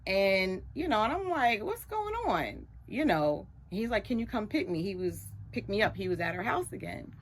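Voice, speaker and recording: A middle-aged woman, a radio show guest, animatedly retelling a story and acting out other people's lines in a higher voice. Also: very animated, normal speed, hardly any pauses. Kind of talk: storytelling in a casual chat.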